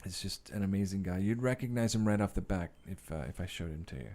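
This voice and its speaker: A man, an actor and filmmaker, talking as a podcast guest and telling his stories in a casual, animated way. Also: low voice, quick pace. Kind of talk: casual interview storytelling. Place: podcast studio.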